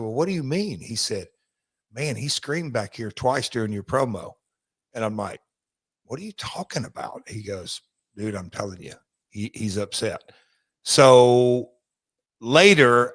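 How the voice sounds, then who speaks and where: A man's voice: mid-range voice, fairly bright tone, no room sound. A man co-hosting a podcast, telling a rambling story full of fillers and restarts. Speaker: podcast co-host. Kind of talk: casual chat.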